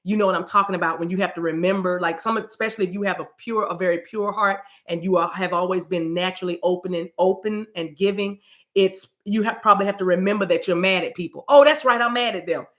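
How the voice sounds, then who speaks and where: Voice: medium pitch, fairly even intonation, fast, a bit bright. A spiritual card reader giving a casual message, quoting scripture loosely, who often repeats words and restarts sentences.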